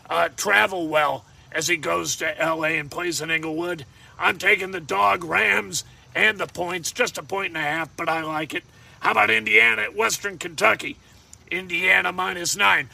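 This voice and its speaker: A man runs through his weekly betting picks, joking and rambling and even talking to himself. His voice sits high and has a gravelly rasp. It comes across bright and edgy. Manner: jokey, rambling, talks to himself. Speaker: sports betting picks host. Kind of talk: casual picks monologue.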